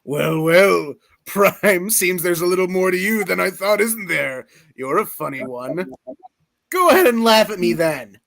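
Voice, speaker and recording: A man's voice: high voice, unhurried, gravelly, a bit bright, full character voice. A man playing a sly taunting villain. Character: taunting, grinning male villain, a dark twisted hero.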